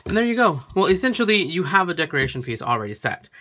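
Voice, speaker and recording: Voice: mid-range voice, sing-song, fast, bright, forceful tone, a little hiss or hum. A craft tutorial host chatting through a hands-on demo at a home work table, often stopping to correct themself mid-sentence. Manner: chatty, with frequent self-corrections. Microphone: camera framing a work surface.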